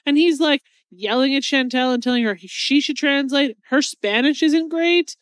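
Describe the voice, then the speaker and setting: A woman's voice: high voice, moderate pace, no room sound. A woman co-hosting a podcast, chatting casually in a blunt, teasing way. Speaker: podcast co-host. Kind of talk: casual chat.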